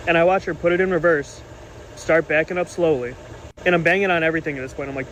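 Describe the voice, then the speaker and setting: A young man tears through an indignant storytime monologue at a rapid clip, his voice sitting a little high. He acts out the quoted lines as he goes. Behind him is a faint hum of outdoor traffic. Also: low-quality recording. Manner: animated, indignant retelling with quoted dialogue.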